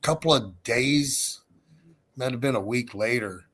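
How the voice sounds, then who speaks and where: A man's voice: medium pitch, a little slow, slightly rough. A male podcast guest on a video call, telling a story in casual chat, swearing freely and acting out the dialogue. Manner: profane, animated storyteller who acts out dialogue.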